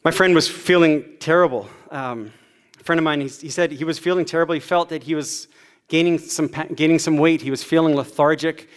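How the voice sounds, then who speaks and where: A man's voice: a little high, fairly even intonation, fairly quick, clean tone. A man in his forties preaching a sermon as a pastor, telling personal stories in a conversational way.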